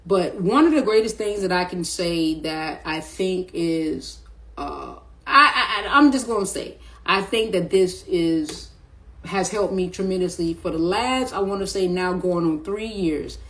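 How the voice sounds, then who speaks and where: A middle-aged woman speaking into her camera in a somewhat low voice. She rambles loosely, using slang and repeating words as she works out each thought. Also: a little slow, low-quality recording. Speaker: spiritual vlogger. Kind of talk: casual spiritual talk to camera.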